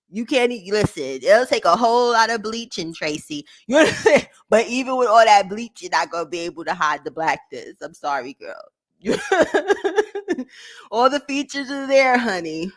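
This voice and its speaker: A woman giving casual, slangy reaction commentary in an expressive, mocking way. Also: mid-range voice.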